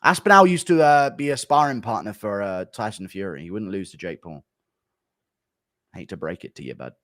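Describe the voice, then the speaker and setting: A man's voice: fairly low pitch, lively intonation, fairly bright tone, no room sound. Blunt man reacting to chat. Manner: blunt, rapid-fire verdicts, dismissive. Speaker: streamer.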